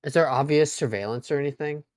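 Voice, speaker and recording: A man's voice: on the high side, fast, darkish tone, dry recording. Male player at the table; casual, jokey, dry close sound. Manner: jokey, hesitant. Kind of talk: casual game chat.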